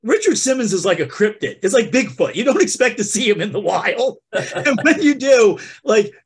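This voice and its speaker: A man's voice: high voice, very animated, moderate pace, slightly rough. A man hosting a comedy podcast, telling a funny story in a playful way and talking straight to the listeners. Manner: playful, addresses listeners as folks. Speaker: podcast host. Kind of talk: comic storytelling.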